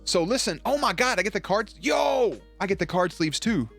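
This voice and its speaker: Excitable profane man streaming. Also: creaky, faint music behind. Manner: animated, profane, quick to jump in pitch. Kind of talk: casual live-stream chat.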